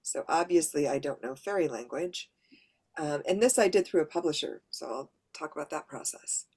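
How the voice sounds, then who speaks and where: A woman's voice: deep voice, expressive, moderate pace, darkish tone, slightly rough. A woman who narrates audiobooks, giving a practical workshop presentation and explaining her points with examples. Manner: practical, explains with read-out examples, light laughs.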